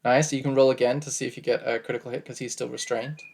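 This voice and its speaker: A man's voice: mid-range voice, level tone, quick pace, creaky, a little mellow. A man running a tabletop game as game master, describing scenes with frequent laughs. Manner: laughs often, describes scenes with many fillers.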